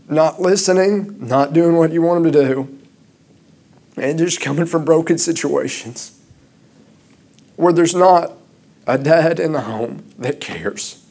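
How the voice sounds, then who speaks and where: A man preaching a sermon, starting out halting and rambling, then growing louder and impassioned. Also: fairly high pitch.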